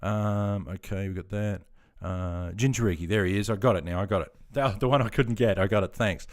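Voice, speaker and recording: A man's voice: fairly low pitch, fairly quick. An Australian man in his fifties chatting casually on a live stream, reading out viewer comments and laughing easily. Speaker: live streamer, army veteran.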